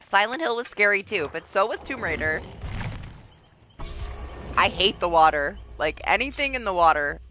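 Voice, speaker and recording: A woman streaming a video game live, chatting to her viewers in a loose, profane way. Her pitch moves a lot, rising and falling as she talks. The audio carries a clear layer of background noise. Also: animated, moderate pace, pauses often, bright, forceful tone. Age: adult. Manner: swearing, laughing, shrieks at game moments.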